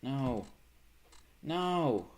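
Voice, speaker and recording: A man streaming live, commenting on his own game, swearing and bursting into panic between low, self-critical mutters. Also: big pitch swings, very slow, darkish tone, a little hiss or hum.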